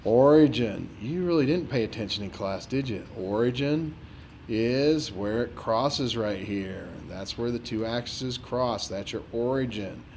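A man with a middle-pitched voice plays an exasperated math teacher helping a student one to one. He scolds and needles the student with sarcasm as he explains each step. Faint room noise sits under the voice. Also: a little slow, a little mellow. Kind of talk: dramatized tutoring walkthrough.

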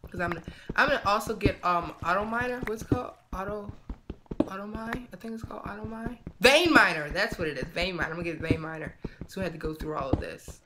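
A man giving casual let's-play commentary, talking to himself in a chatty way with quick excited outbursts. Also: sits high, crowd noise. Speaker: gaming channel host.

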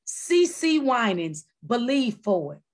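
A woman missionary giving a personal testimony at a church prayer service, telling her story animatedly and breaking into shouted praise. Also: a little high, slow pace. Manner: animated storytelling, acting out quoted voices.

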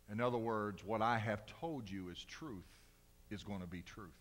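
A male pastor preaching a sermon in a church, swinging from loud cries to hushed, slow emphasis. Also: fairly low pitch, in a large hall. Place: church sanctuary.

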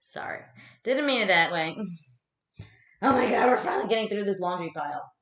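A woman live streamer chats casually from home while folding laundry, swearing freely and poking fun at herself. Her medium-pitched voice is sing-song, brisk and fairly bright. The room has a roomy echo.

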